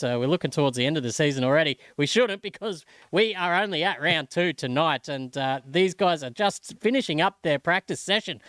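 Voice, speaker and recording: A man's voice: a little high, fairly bright tone, clear, resonant tone, dry recording. A man commentating a sim race, upbeat and rattling through track details. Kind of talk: play-by-play commentary. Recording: music playing underneath. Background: background music.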